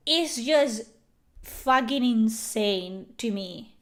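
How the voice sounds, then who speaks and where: A woman streamer ranting to her chat in a profane, sarcastic way, loud and venting. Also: fairly high pitch, drawn-out words. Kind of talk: angry livestream rant.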